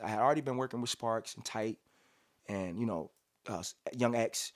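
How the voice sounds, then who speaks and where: A man's voice: medium pitch, fairly quick. A man in his thirties from Cincinnati, a rapper telling stories casually in a studio interview, acting out quotes and humming beats. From Cincinnati, USA. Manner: animated storyteller, acts out quotes, hums beats. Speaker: rapper guest.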